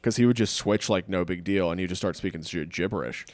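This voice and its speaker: A man's voice: low voice, fast, a little mellow, dry recording. A man co-hosting a comedy podcast, talking in a joking, laid-back way and swearing casually. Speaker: podcast co-host. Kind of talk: casual chat.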